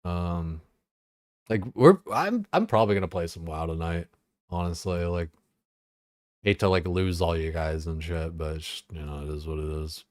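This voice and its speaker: A man's voice: sits low, moderate pace, a little mellow, no room sound, studio quality. A young man streaming games, ranting in a loose, exasperated way, full of swearing and filler words. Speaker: gaming streamer. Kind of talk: casual livestream rant.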